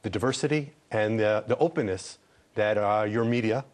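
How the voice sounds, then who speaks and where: A man's voice: on the low side, moderate pace. A man who is an ambassador from Israel, answering questions in a TV news interview in an earnest way and repeating words when he presses a point.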